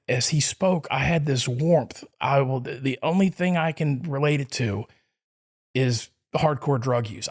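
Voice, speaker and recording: This middle-aged man speaks in a mid-range voice with vocal fry. Guesting on a podcast, he recounts a long personal story in a rambling way, stopping to restart and leaning on fillers.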